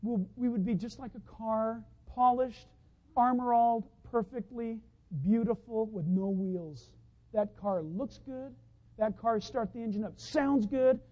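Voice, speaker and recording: A man preaching a sermon, telling a story as he goes, dropping from hushed to loud excited outbursts. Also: high-pitched, a little slow, highs cut off. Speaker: pastor.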